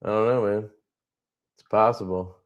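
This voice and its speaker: A man's voice: lowish voice, fairly even intonation, normal speed, lo-fi sound. A man hosting a casual livestream from his knife company, showing products in a laid-back, rambling way with crude jokes.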